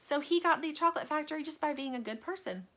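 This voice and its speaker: A woman reading a children's chapter book aloud as storyteller, animated and friendly. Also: high voice, fast talker.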